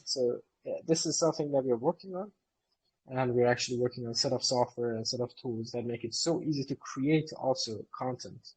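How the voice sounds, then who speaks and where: Husky man explaining eagerly. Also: mid-range voice, a little fast, darkish tone, low-quality recording. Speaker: company co-founder answering community questions. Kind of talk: live Q&A session.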